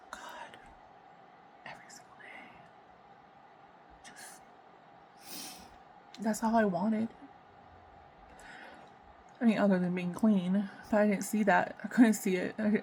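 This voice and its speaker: A woman talking unscripted to her camera about her own life, halting and emotional, swearing and sighing often. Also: medium pitch, a little mellow, slight background noise, poor audio. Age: adult with children. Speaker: vlogger. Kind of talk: raw unscripted personal talk to camera.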